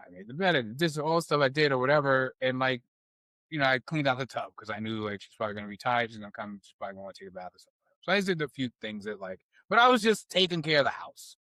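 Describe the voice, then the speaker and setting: A man's voice: mid-range voice, bright, forceful tone, no echo. A man hosting a casual chat, reflective and rambling with asides.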